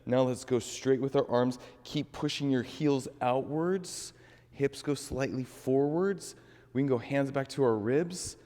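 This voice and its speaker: A man leading a guided yoga class, calmly cueing each breath and movement. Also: mid-range voice, unhurried, big-room sound. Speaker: yoga instructor.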